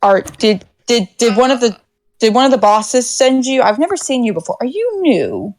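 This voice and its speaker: A woman's voice: a little high, big pitch swings, normal speed. A woman voicing a suspicious young male theatre worker who talks confidently and teases. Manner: confident, teasing.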